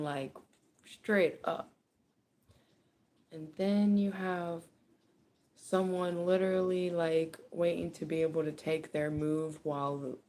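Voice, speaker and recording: A woman giving a casual tarot reading, chatty and animated, with frequent laughter and swearing. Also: low-pitched, a little hiss or hum. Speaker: tarot reader. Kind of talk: casual spoken card reading.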